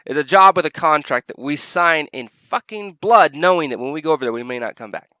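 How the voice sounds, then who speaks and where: A man's voice: on the high side, animated, a little fast, sharp tone, smooth, no echo. A man vlogger delivering an angry, heavily profane reaction rant.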